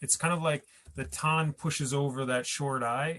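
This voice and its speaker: A man's voice: mid-range voice, fairly even intonation, normal speed, fairly bright tone. A man teaching a language class, patient and chatty, thinking aloud as he explains and writes examples. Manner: patient, laughs easily, thinks aloud mid-sentence. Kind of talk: explaining grammar at a whiteboard.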